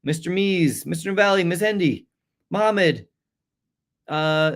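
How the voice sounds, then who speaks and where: A fairly high-voiced man runs a loose live-stream review session. He talks casually, reels off long lists of names for shout-outs, and trips over hard names with quick apologies. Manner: chatty, rattling off viewer shout-outs. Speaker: AP exam review host.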